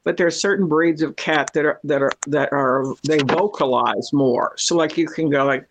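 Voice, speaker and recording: A middle-aged woman telling a story in casual chat, chatty and animated, laughing often. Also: deep voice, normal speed, background noise. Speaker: cat owner telling a story.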